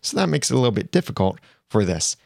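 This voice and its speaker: A man's voice: mid-range voice, very animated, quick pace, creaky, darkish tone, no room sound. Guy walking thru an editing tutorial step by step, lav mic, dry sound. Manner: plain, step-by-step explaining. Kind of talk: screen-recorded software tutorial. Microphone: lavalier mic.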